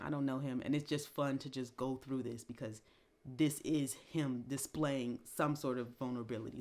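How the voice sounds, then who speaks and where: A woman vlogger casually reviewing an album, musing reflectively with pauses and restarts. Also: deep voice. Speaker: music commentary vlogger.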